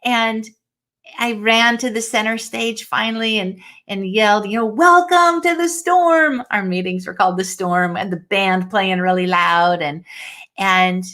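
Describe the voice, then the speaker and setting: Slow, earnest woman telling her story. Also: mid-range voice, little pitch movement, bright, forceful tone. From Washington state, USA. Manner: earnest, laughs often. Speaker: guest speaker. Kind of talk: personal storytelling. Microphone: video call.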